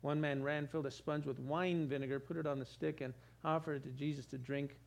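A man's voice: medium pitch, steady tone, a little fast, vocal fry, few pauses. A man preaching a sermon as pastor, driving points home with repeated phrases. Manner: preaching with rising emphasis and repetition.

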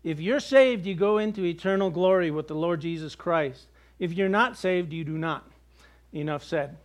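A man's voice: a little high, moderate pace. A man preaching a sermon in a conversational way, with jokes and acted-out quotes. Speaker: pastor.

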